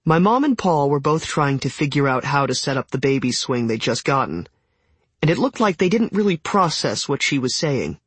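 A man's voice: medium pitch, animated, normal speed, a bit bright, breathy edge, no room sound. A man reading a novel aloud in first person, with a wry, conversational storytelling manner. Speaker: audiobook narrator. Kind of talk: scripted first-person narration.

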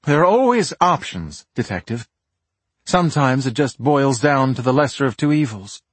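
A man playing a calculating doctor in his forties, calm and defiant, in an audiobook. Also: medium pitch, moderate pace, slightly rough, no echo, pitched above the performer's own voice.

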